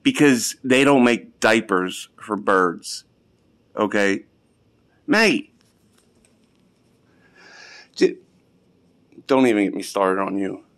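A man, scolding his pets in a home basement for a casual vlog in a mock-stern way that keeps softening into affection. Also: lowish voice, takes it slowly, pauses often. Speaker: pet owner.

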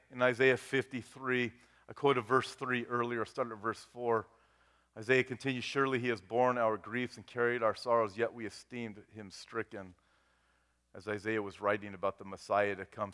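A male pastor preaching a sermon in an earnest way, swinging between loud, rising appeals and quiet, hushed moments. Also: medium pitch, clear, resonant tone. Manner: earnest preaching that swells loud and drops to a hush.

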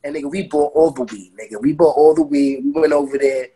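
Husky man telling a street story. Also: on the high side, fast talker. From Brooklyn, New York. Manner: animated, profane street talk, acts out quotes. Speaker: interview guest, music producer. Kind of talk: casual storytelling in an interview.

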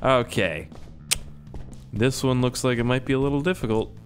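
A man's voice: mid-range voice, normal speed, music in the background. A young man from Canada playing a video game, rambling, joking and swearing to himself as he goes. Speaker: gaming YouTuber. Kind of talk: let's play commentary.

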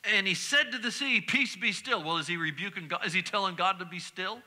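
Bright high-voiced preacher shouting refrains. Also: male voice, fairly quick. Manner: preaching with call-and-response repetition and sudden shouts. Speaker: pastor. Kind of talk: sermon. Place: church sanctuary.

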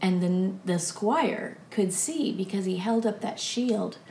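Slow, expressive woman reading to kids. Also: medium pitch, echoey room, a little hiss or hum. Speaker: children's ministry teacher. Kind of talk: reading a story aloud to children.

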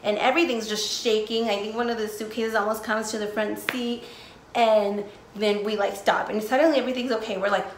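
A woman's voice: medium pitch, steady tone, brisk. A young woman from the United States telling a storytime vlog in casual talk, full of swearing and "like". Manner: casual, swears often, heavy use of "like". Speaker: vlogger. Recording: echoey room, faint noise.

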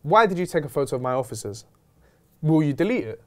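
A young man tells a story in a fast rush, his pitch sitting a little high and swinging widely. He is slangy and animated, acting out the other people in his story. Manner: animated, slangy, retelling with quoted dialogue. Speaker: host. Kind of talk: casual storytelling chat.

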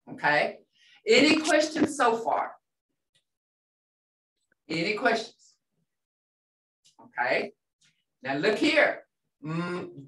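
A woman's voice: mid-range voice, a bit bright, recorded from a distance. A woman teaching a language class, explaining patiently and repeating words with frequent checks of "okay?". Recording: roomy, off-mic classroom sound.

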